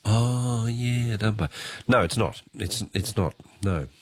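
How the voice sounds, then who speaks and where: A man's voice: lowish voice, takes it slowly, darkish tone, a little hiss or hum. A man with an Australian accent hosting a talkback radio quiz, joking with callers, and he has a cold. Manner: jokey, chatty, laughs often. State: has a cold, voice lower than usual.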